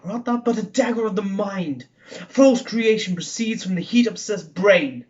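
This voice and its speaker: A Scottish man performing a Shakespeare monologue as a brooding young murderer, dropping to hushed whispers and rising to declaimed lines. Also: sits high, moderate pace, distant mic, lo-fi sound, pitched above the performer's own voice, natural voice. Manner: swings between hushed whispers and raised declaiming. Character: brooding young male Scottish murderer-king on the eve of a killing.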